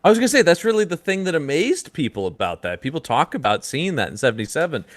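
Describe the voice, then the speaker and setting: A man co-hosting a podcast, chatting casually about comics and now and then jumping into loud mock voices. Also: a little high, sing-song, fast talker, no room sound. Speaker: podcast co-host. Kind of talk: casual comic-book discussion.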